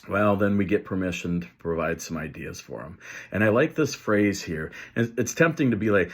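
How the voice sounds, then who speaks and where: A man's voice: deep voice, moderate pace. A man in his fifties, an educator teaching parents and teachers in a conversational way, acting out sample lines as he goes. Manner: conversational, explains with acted example lines. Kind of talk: teaching video to camera.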